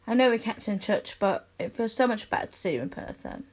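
A young woman in a one-sided audio role-play, speaking softly and intimately to the listener as her best friend, with sighs and giggles. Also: fairly high pitch, animated, a little fast.

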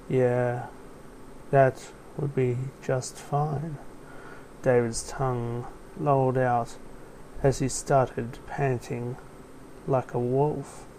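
Slow, gravelly male story narrator. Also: mid-range voice, dark tone, a little hiss or hum, poor audio.

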